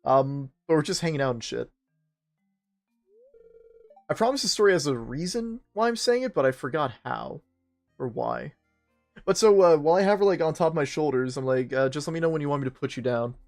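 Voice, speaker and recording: A man's voice: fairly high pitch, expressive, fairly quick, creaky, pauses often. A young man telling a rambling, profane, self-mocking story while streaming a game, with faint game music behind him. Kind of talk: casual storytelling while gaming.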